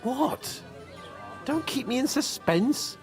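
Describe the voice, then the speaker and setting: Cocky young noble in a game, impatient and foul-mouthed, soft music behind. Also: male voice, very high-pitched, animated, slow, exaggerated voice.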